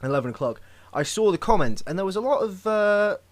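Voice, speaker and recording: A man's voice: sits high, big pitch swings, a little fast, dry recording. A young man hosting a casual podcast, joking and rambling in a loose, chatty way. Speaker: podcast host.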